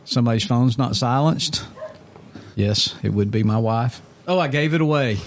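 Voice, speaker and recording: A man's voice: medium pitch, moderate pace, slight background noise. A man hosting a casual podcast chat in a small studio, teasing and joking with his guests. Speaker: podcast host.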